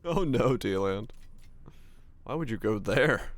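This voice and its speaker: A man's voice: medium pitch, lively intonation, slow. A man streaming a video game, chatting casually in a laid-back, joking and sarcastic way, sleepy and yawning. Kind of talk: casual live-stream chat while gaming.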